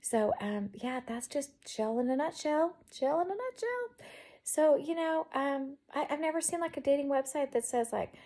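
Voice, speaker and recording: A woman vlogger with a Southern accent chats casually from her bedroom, rambling and quirky as she addresses her viewers. Her high-pitched voice is mellow, at normal speed with few pauses.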